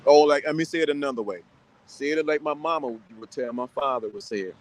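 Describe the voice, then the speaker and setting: A man's voice: a little high, brisk, rough recording. Stern, repetitive man giving advice. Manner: stern, emphatic, repeats his points; rambling with many restarts. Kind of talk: casual advice talk to viewers.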